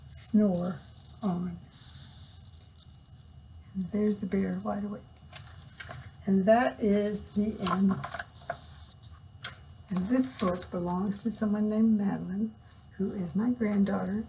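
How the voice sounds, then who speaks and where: An older woman reads a picture book aloud at an unhurried pace, pausing to explain words for young listeners. Her voice sits at a middle pitch. A faint hiss runs under the recording. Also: steady tone, creaky, rough recording. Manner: gentle, explains words for children. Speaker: storyteller.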